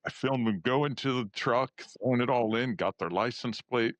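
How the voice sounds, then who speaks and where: A man's voice: medium pitch, normal speed, fairly bright tone, no room sound. A man hosting a podcast, chatting casually and telling a short story. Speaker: podcast host. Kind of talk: casual interview chat.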